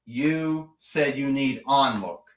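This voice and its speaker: Boastful wrestler guy, voiced by a man, slow and indignant, far from an echoey mic. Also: medium pitch, lightly acted. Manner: bragging, indignant. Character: boastful, whiny male wrestler.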